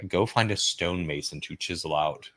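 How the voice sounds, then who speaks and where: Low-voiced young guy cohosting a movie watch stream, bright punchy tone, swears a lot, calls folks dog. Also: moderate pace. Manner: loose, profane, jokey, uses "dog" and "bro". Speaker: watch party co-host. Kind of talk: casual commentary over a film.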